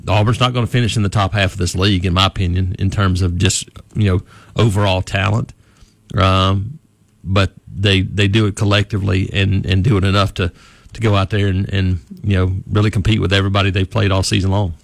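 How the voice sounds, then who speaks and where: A man's voice: deep voice, flat delivery, brisk, vocal fry, no echo. A man who reports on college sports, talking through a team's season on a radio show in a rambling, easygoing way with many restarts. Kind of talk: casual sports radio analysis.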